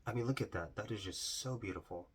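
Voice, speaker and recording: A man's voice: lowish voice, fast talker, husky. A man casually swatching eyeshadows in a vlog, gushing over the colors, exclaiming often and trailing off mid-sentence. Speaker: beauty vlogger.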